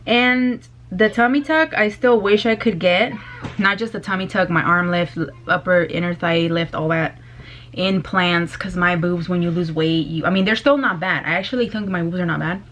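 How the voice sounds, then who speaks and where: A woman vlogger chatting casually to her camera, loud and bubbly, laughing often. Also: on the low side, moderate pace, slight background noise. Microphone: compact camera.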